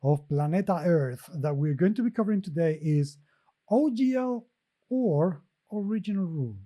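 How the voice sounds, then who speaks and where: A man with a softened Spanish accent, hosting a podcast in a playful, joking manner. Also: high-pitched, animated, normal speed, dull audio. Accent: Spanish, softened by years in England. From Spain. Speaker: podcast host. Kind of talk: podcast chat.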